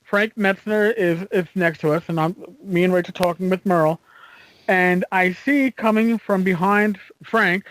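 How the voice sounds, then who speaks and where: A man's voice: high-pitched, rough recording. A man co-hosting a podcast, telling stories in casual chat with lots of fillers and restarts. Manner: animated storyteller, halting with fillers. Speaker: podcast co-host.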